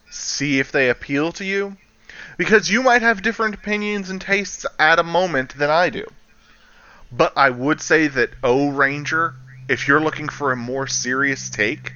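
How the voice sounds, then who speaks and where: A man chatting casually on a podcast, recapping an episode with lively energy, acting out lines with laughs and swearing. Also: fairly high pitch, moderate pace, clean tone, dry recording, highs cut off. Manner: animated, acts out characters' lines with laughter and swearing. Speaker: podcast co-host. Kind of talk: casual chat recapping a show.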